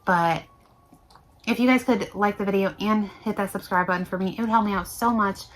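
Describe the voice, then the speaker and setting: A woman hosting a paranormal history vlog, telling the story in a deliberately hushed, low-volume voice and sounding a little out of breath. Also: a little hiss or hum, poor audio. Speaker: paranormal YouTuber host.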